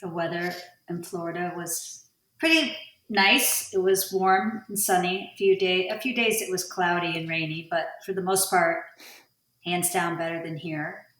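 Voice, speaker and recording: Woman, lowish voice, easygoing chat, distant mic, echoey room. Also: measured pace, fairly bright tone. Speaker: podcast co-host. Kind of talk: casual chat.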